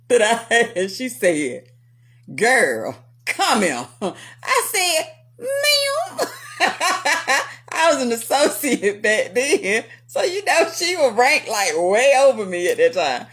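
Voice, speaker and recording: Lively woman telling stories. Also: a little high, a little slow, slightly rough. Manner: animated, laughs often, talks to viewers. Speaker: vlog host. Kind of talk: casual storytelling commentary.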